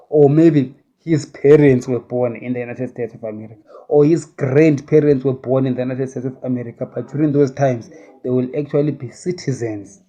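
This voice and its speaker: A man's voice: mid-range voice, warm tone, dull audio. A man recounting a vision in a casual spoken monologue, rambling and hedging as he talks. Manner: rambling, with many restarts and hedges.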